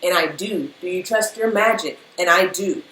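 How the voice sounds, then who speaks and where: A woman's voice: fairly low pitch, normal speed. Woman doing a loose spiritual pep talk, gets emotional, lots of likes and rights, echoey room, little hiss behind. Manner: emotional, animated, speaks in rhythm with many fillers. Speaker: spiritual reader. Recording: echoey room with faint background noise.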